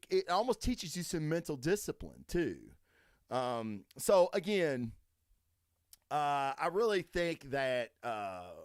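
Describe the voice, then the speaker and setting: A man hosting a solo podcast in a casual, profane rant that swings from low mutters to loud, high, emphatic bursts. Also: no echo, studio quality. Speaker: podcast host.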